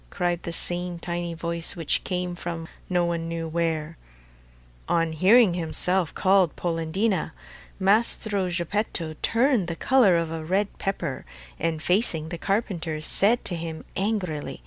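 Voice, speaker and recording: A woman reading a storybook aloud for English learners in a clear, measured way. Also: on the low side, steady tone, no room sound. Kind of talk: scripted storybook narration.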